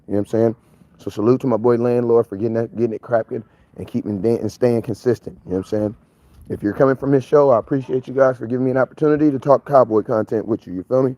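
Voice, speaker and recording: A grown man hosting a casual live stream on a morning walk outdoors, energetic and full of slang, greeting viewers by name. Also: mid-range voice, muffled recording.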